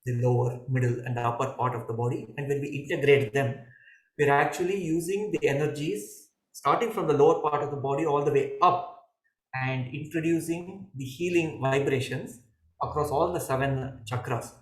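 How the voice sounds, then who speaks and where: A man, a yoga teacher, giving calm, measured explanations in a podcast conversation, pausing and restarting now and then. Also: mid-range voice. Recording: echoey room.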